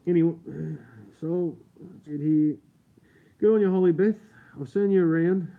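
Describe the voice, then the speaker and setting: The host of this live stream is an Australian man whose voice sits high and moves at a normal speed. Chatting casually at home late at night, he keeps his voice down while swearing freely and laughing often, and the recording has a tinny, phone-like sound.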